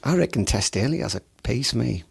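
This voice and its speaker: A man's voice: medium pitch, lively intonation, a little fast, gravelly, breathy edge. A man with a Teesside accent co-hosting a podcast, chatting in a teasing, laughing way. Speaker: podcast co-host. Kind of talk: casual chat.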